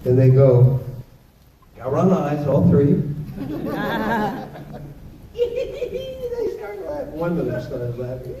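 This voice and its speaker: A man telling a story on a convention stage with dramatic pauses, acting out the voices. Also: high-pitched, huge pitch swings, a loud crowd. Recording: echoey convention hall, far from mic, dull.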